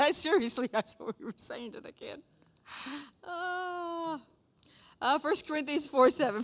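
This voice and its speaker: A woman's voice: high-pitched, lively intonation, a little slow, fairly bright tone. A middle-aged woman teaching a conversational Bible lesson in a chatty way, often checking in with her listeners.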